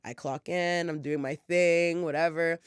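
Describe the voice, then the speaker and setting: A woman's voice: sits low, steady tone, a little slow, clear, resonant tone, dry recording, studio quality. A woman co-hosting a podcast, telling a story casually and rambling, with lots of "like" and "whatever" and plenty of swearing. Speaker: podcast co-host. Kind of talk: casual chat.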